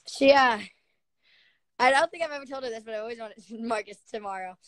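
A woman hosting a casual live stream from her bedroom, chatting with viewers in a bubbly, excitable way. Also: a little high, fairly quick, no room sound. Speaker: livestream host. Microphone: laptop or phone live stream.

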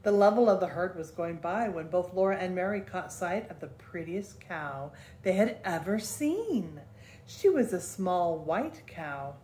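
Older woman, grandmother, reading aloud, gentle storybook telling, even pace. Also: on the low side, measured pace, roomy sound, slight background noise. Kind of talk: reading a children's book aloud.

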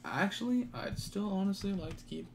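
A man's voice: high-pitched, moderate pace, vocal fry. A man hosting a gameplay video, chatting casually with a co-player and laughing easily. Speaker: let's play host. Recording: home mic with loud keyboard clicks. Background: keyboard typing and mouse clicks.

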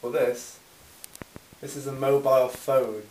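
A man's voice: mid-range voice, little pitch movement, unhurried, a crowd in the background. Man as a baffled bar customer, hesitant and stammering, far from the camera mic. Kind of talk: amateur comedy sketch acting. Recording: roomy, distant camera mic, faint noise.

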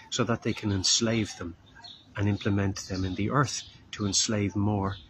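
Low-voiced man preaching an earnest sermon. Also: flat delivery, moderate pace, slight background noise. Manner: acts out quoted voices. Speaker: street preacher. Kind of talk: informal sermon.

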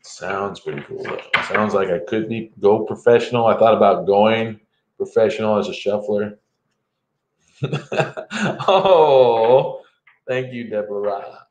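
A man's voice: fairly low pitch, slow, muffled recording, noisy background. A middle-aged man giving a live tarot reading for viewers, playful and joking between cards. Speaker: tarot reader. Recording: roomy echo.

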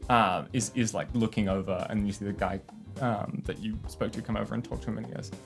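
Halting male game master. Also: fairly low pitch, steady tone, creaky, over music. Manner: halting, many fillers and restarts. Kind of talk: narrating a tabletop game.

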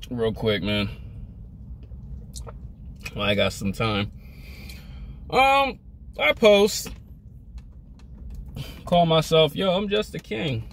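A man's voice: a little high, a little hiss or hum. A young man vlogging a motivational rant, emphatic, repetitive and scolding.

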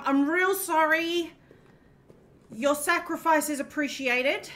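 A gaming streamer with a high-sitting, slightly bright voice gives live horror game commentary. She's jumpy and swears, chatting to the game's characters.

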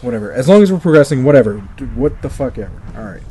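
A man's voice: mid-range voice, expressive, quick pace, dark tone, husky. A young man commentating a video game, ranting and swearing in exasperation as he plays. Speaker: let's play commentator. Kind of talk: frustrated gameplay commentary.

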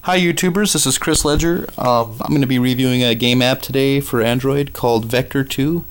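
A man with a Minnesota accent giving a casual game review with commentary, halting often with ums and uhs. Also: mid-range voice, steady tone, slight background noise.

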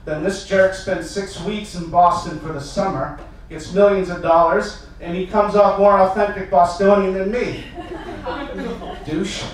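A young man from Massachusetts doing a stand-up comedy set, telling stories with frequent "uh"s and building to loud acted-out rants. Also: sits high, fairly even intonation, unhurried, far from the mic. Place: small stage venue. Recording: echoey room, mic heard from afar.

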